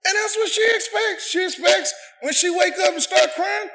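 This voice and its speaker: A middle-aged pastor preaching a sermon in a church, shouting passionately and calling on the congregation to say amen. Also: male voice, extremely high pitch, moderate pace. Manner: impassioned shouted preaching with call-and-response. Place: church sanctuary. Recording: echoey church room.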